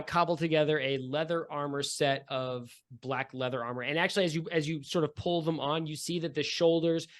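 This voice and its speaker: A man narrating a tabletop game as game master, chatty and descriptive with many fillers. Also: a little high.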